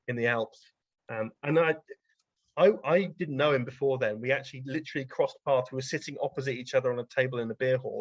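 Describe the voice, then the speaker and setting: A man's voice: medium pitch, dry recording. Guy guest on a podcast, rambly anecdotes, lots of ums, dry kinda muffled audio. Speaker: guest science writer. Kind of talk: casual interview storytelling.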